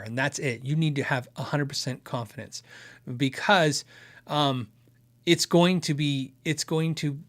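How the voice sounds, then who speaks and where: A man running a guitar tech channel answers viewer questions in a live-stream chat, his voice a little high and a bit bright. He sounds earnest, thinking aloud and restarting often.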